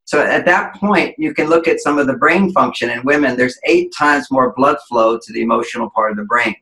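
A man's voice: mid-range voice, fairly quick, creaky, sharp tone, roomy sound, low-quality recording. A man giving relationship advice as an interview guest, explaining in an emphatic, lecturing way and acting out quoted voices.

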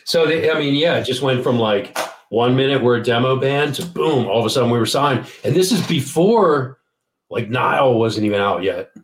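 A man from Maryland, a guest musician, telling rambling, animated stories in a casual interview. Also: mid-range voice, moderate pace, reverberant, a little hiss or hum.

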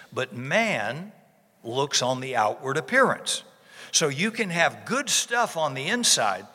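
Male pastor, sermon delivery, folksy and emphatic, bright and forceful, reverb of a large church. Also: medium pitch. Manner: folksy, emphatic preaching with repeated phrases. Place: church sanctuary.

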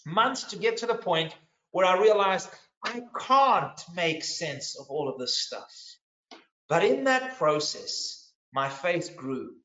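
Animated preacher man in an echoey room. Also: fairly high pitch. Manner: animated storytelling, swinging between loud and hushed. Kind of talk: sermon testimony. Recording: echoey, dull lo-fi sound.

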